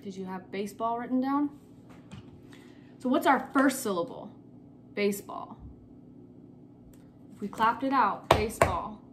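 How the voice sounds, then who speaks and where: A young woman teaching a remote spelling lesson to young children, slowly repeating each word and spelling it out letter by letter. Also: a little high, noisy background. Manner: slow, patient, repeats words and spells them letter by letter.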